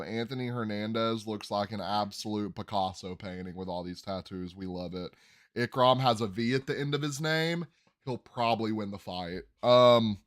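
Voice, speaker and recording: A man hosting a casual sports podcast, chatting loosely and tripping over hard names as he reads them out. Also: on the low side. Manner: rambling, stumbles over fighter names. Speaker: podcast host.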